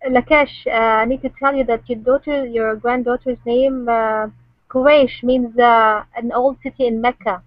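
A woman's voice: a little high, steady tone, moderate pace, dry recording. A woman on a webinar, speaking hesitantly with many fillers. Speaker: participant. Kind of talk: casual webinar chat. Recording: dull dry lo-fi webinar audio.

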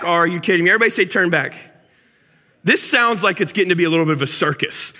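Bright-voiced man preaching, animated. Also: sits high, fast. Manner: animated, acts out angry complaints to God then drops to soft intimate tones. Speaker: pastor. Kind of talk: sermon. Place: church auditorium. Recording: church hall reverb with music.

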